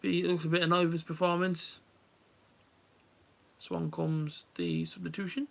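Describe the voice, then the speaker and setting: A man's voice: a little high, little pitch movement, moderate pace, creaky. A young man chatting casually to viewers while he watches a match live and comments on it. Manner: chatty, rambling, talks straight to viewers. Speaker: live stream host.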